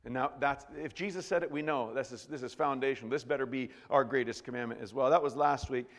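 A man's voice: medium pitch, fast, fairly bright tone. A man preaching a sermon as a pastor in a church, in a jokey, conversational way with frequent restarts. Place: church sanctuary. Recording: long reverb in a church hall.

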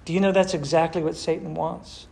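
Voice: mid-range voice, flat delivery, fairly quick, gravelly, darkish tone. A pastor leading a church discussion, preaching emphatically and asking rhetorical questions, affectionate with members. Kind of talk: sermon and group discussion.

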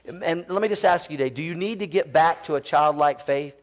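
A man in his forties, a pastor preaching a sermon in a church, animated and often quoting children's voices. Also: on the high side, a little fast.

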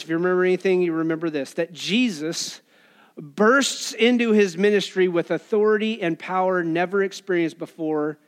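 A man preaching a sermon in a lively, casual way, acting out quoted voices with colloquial asides. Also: high voice. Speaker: pastor.

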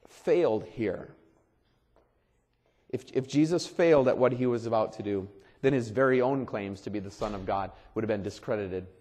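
Man preaching in a reverberant hall. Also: mid-range voice. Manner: conversational preaching, repeats phrases, swells loud for emphasis. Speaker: pastor. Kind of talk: sermon. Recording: long reverb of a large hall.

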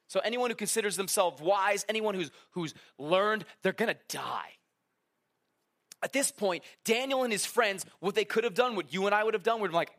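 A man with a notably high voice gives a relaxed, conversational sermon. He speaks casually and tosses in asides and questions to his listeners. He often slips into little acted-out quotes as he tells the story. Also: normal speed. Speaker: preacher.

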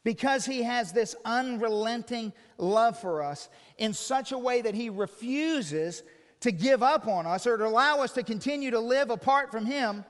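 A man's voice: extremely high pitch, lively intonation, normal speed, in a large hall. A man preaching a sermon, earnestly explaining with illustrations and putting direct questions to his listeners.

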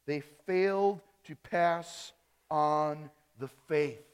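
A man from Wisconsin preaches a sermon from a church stage. His voice sits a bit high for a man, and he swings from emphatic, rising phrases to quiet endings. The church adds a long reverb around every word. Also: very slow, clear, resonant tone. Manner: emphatic preaching, rising on key phrases and dropping soft at line ends. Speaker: pastor. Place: church sanctuary.

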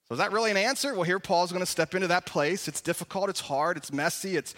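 Middle-aged guy preaching, acts out funny voices, high bright voice. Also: quick pace, long reverb tail. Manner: animated storytelling, acts out voices, comic asides. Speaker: pastor. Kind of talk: sermon.

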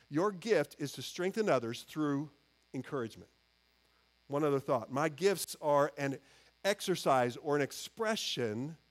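Man, pastor, high voice, earnest conversational sermon, frequent restarts.

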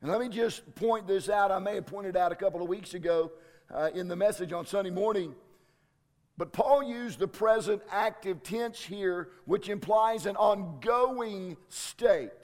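A man preaching a sermon as a pastor, slow and deliberate with dramatic pauses. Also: high-pitched, darkish tone, long reverb tail.

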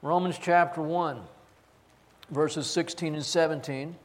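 A man's voice: a little high, measured pace, pauses often. A man preaching a sermon as pastor, earnestly reading scripture aloud and stressing single words. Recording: long hall reverb.

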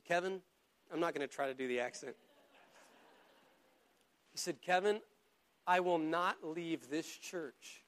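Man preaching, high voice, earnest and conversational, stumbles over repeated words. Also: a bit bright. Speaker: pastor. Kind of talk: sermon.

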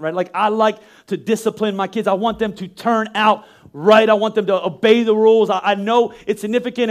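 A man with a notably high speaking voice delivers a sermon. He is animated, breaks into sudden acted-out shouts, and often repeats words when he restarts a thought. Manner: animated, acts out yelling parents with sudden shouts. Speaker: pastor.

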